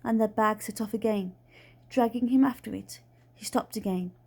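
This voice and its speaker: A woman reading a children's book aloud in a plain, steady storytelling way. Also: fairly high pitch, moderate pace, vocal fry, slightly rough. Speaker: reader.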